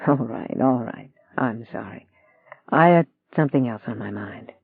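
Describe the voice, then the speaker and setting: A reader voicing a kindly, worried older man who speaks gently. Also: mid-range voice, expressive, normal speed, creaky, slightly rough, no room sound. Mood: gentle. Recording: dry tinny phone-like sound.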